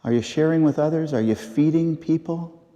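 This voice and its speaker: A middle-aged man preaching a memorial sermon, telling stories and repeating phrases with slow, emphatic pauses. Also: on the high side, mellow, lo-fi sound. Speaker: pastor. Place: large church. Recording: long church reverb.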